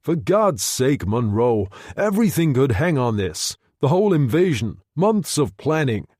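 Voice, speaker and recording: A man reading a novel aloud, voicing an agitated wartime general who speaks in a slow, grave way. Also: medium pitch, sing-song, a little mellow, no room sound, studio quality, voice pushed up. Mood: urgent.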